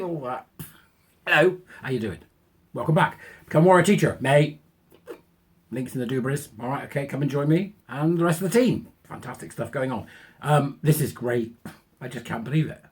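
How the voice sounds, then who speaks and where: A man's voice: mid-range voice, normal speed, pauses often, husky. A man hosting his channel, giving a sarcastic, incredulous running commentary on a news story. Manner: animated, sarcastic, incredulous asides. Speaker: channel host.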